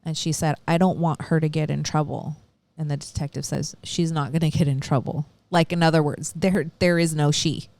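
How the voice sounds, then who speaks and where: Lower-voiced woman telling a crime story. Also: normal speed, no echo. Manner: animated retelling, acts out quotes, swears casually. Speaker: podcast co-host. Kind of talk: casual true-crime storytelling.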